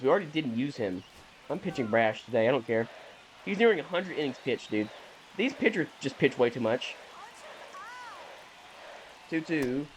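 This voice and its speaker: A man's voice: medium pitch, slight background noise. A young man giving casual, rambling commentary over a video game, often correcting himself and sounding mildly exasperated. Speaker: gaming YouTuber.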